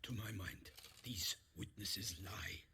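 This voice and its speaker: An actor playing a proud, formal knight envoy in a video game, with a put-on French-sounding accent and courtly, earnest speech. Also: male voice, lowish voice, slow, sharp tone, slight background noise, exaggerated voice.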